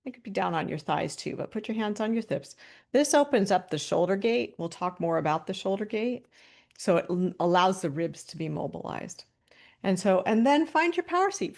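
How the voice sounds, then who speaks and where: A woman presenting a webinar over a video call, calmly guiding listeners through posture and breathing cues with light laughs between instructions. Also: medium pitch, gravelly. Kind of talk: guided body-awareness instruction.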